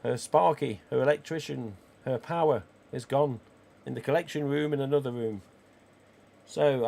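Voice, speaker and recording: A croaky man, chatting casually as a live stream host. He reads viewer comments aloud and answers in a cheeky, easygoing way, with casual swearing. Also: medium pitch, a little mellow. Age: 40s. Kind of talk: casual livestream chat reading viewer comments.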